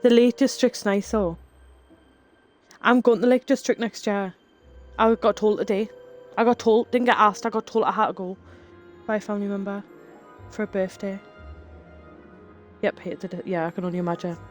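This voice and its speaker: Her mid-range voice stays fairly even at a normal speed, broken by long pauses, with soft music playing behind. She's a twenties-aged livestreamer from North East England with a Geordie accent, casually reading viewer messages aloud with lots of "like" and giggles.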